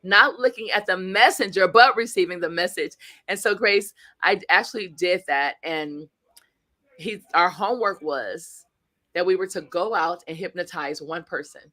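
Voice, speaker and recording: A woman coach, a guest in an interview, tells her stories with lots of animation. She acts out what people said and turns to speak straight to the audience. Her voice is bright and forceful, pitched a little low for a woman. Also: normal speed, no echo. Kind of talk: storytelling interview.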